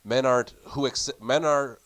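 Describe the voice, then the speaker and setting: A man's voice: mid-range voice, steady tone, normal speed, a bit bright, no room sound. A man co-hosting a casual podcast, making dry, sarcastic asides and musing aloud. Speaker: podcast co-host.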